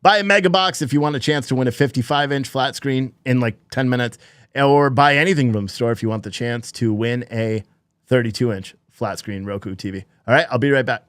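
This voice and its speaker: A man's voice: mid-range voice, a little fast, fairly bright tone, clean tone, no room sound. A man hosting a casual livestream, laid-back and chuckling, swearing now and then. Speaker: show host.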